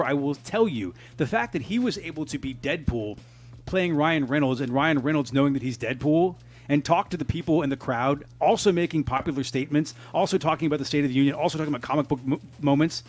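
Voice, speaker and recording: A man co-hosting a podcast, talking casually and profanely, laughing often. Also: on the high side. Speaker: podcast co-host. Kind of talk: casual chat.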